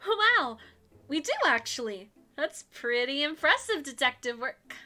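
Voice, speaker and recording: A woman playing a squealing, bubbly young witch. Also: moderate pace. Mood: excitable. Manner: high, squealing and animated.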